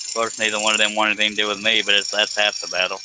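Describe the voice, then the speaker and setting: A man's voice: fairly low pitch, little pitch movement, rapid-fire. A man hosting a casual live stream while carving, with dry, joking asides. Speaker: host, woodcarver. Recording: noisy live-stream audio.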